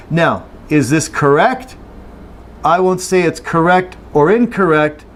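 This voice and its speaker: American man teaching pronunciation, slightly high. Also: lively intonation, slight background noise. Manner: explanatory, repeats key phrases for emphasis; drops into quick acted dialogue to demonstrate. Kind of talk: language lesson.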